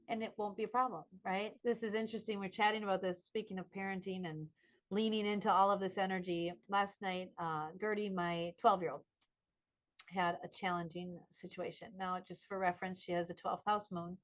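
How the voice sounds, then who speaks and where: Woman, middle-aged, podcast co-host, casual storytelling, animated, slightly muffled audio. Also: mid-range voice. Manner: animated storytelling, acts out quoted voices. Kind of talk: casual chat.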